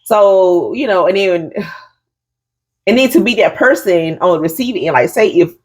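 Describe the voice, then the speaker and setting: A woman co-hosting a casual chat, telling stories with lively acted-out voices and calling her friend "honey.". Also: mid-range voice, a little slow, husky. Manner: animated storyteller, acts out crowd voices, says "honey". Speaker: podcast co-host.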